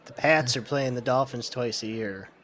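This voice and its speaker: A man's voice: medium pitch, moderate pace, a bit bright. Laid-back man with chuckling asides. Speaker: podcast co-host. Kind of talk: casual chat.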